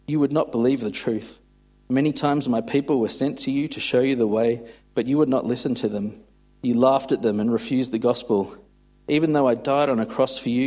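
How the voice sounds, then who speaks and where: A solemn, firm Jesus who speaks in measured, unhurried sentences. A man voices him in his ordinary mid-range voice while reading the account. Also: mid-range voice, a little mellow, lightly acted. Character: Jesus, calm and stern adult man.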